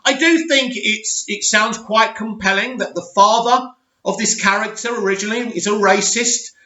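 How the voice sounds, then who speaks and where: Bright high-voiced man reading entertainment news. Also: normal speed. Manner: reads aloud, stumbles on names, adds opinionated asides. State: slightly hoarse voice. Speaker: host. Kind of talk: reading news articles with commentary. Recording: roomy, slightly dull sound.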